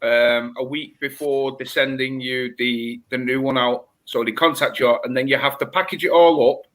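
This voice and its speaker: Bright, rambling man. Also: medium pitch, fairly even intonation, normal speed. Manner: rambling, repeats himself, says mate often. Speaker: regular on a reef-keeping livestream. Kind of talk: casual banter.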